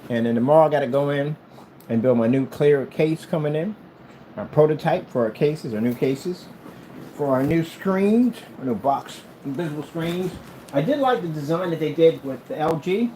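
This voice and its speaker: A man's voice: fairly high pitch, animated, normal speed, dark tone, slight background noise. A middle-aged man vlogging at home off the cuff, blunt and combative as he runs his small business talk. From United States. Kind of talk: casual unscripted vlog.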